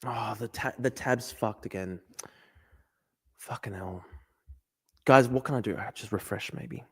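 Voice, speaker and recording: A man's voice: medium pitch, moderate pace, a bit bright, breathy edge. A man hosting a casual livestream, talking himself through a guessing game. He mutters asides, swears often and breaks into exasperated outbursts. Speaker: livestream host.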